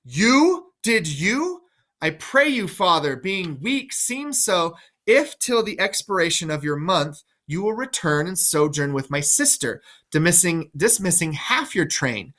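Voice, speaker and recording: A man's voice: sits high, big pitch swings, a little slow, bright, forceful tone, exaggerated voice. A man reading the part of a cold, defiant young princess, delivering verse in a clipped, dismissive way.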